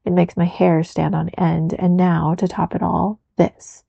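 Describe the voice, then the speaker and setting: Woman reading Velerad, a gruff grumbling castellan. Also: on the low side, little pitch movement, measured pace, mellow, no echo, muffled recording, heavily acted. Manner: stern and grumbling. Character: gruff wary male castellan, stern official. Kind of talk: whispered role-play.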